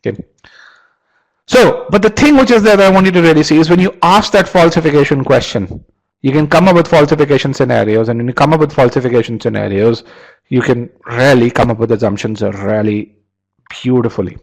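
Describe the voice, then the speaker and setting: A man's voice: medium pitch, brisk, vocal fry, poor audio. A man teaching a live online webinar, often repeating words as he restarts and quizzing his audience. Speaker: online course instructor.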